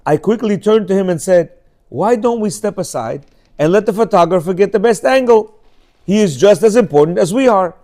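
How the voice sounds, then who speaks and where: A man's voice: sits high, lively intonation, moderate pace, dark tone. A middle-aged man teaching a Torah class on marriage, emphatic and repetitive, scolding his listeners. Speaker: religious teacher.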